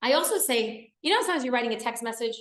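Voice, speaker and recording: A woman's voice: on the high side, expressive, rapid-fire, fairly bright tone, roomy sound, low-quality recording. Earnest woman teaching a class. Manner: earnest, emphatic, repeats key words. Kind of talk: lecture to a class.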